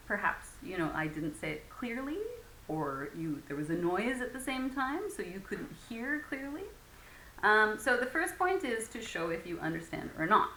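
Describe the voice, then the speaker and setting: A woman's voice: on the low side, sharp tone. A woman teaching an English conversation lesson in a patient way, with many fillers, acting out example phrases. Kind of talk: recorded lecture. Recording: echoey room with faint ambient noise.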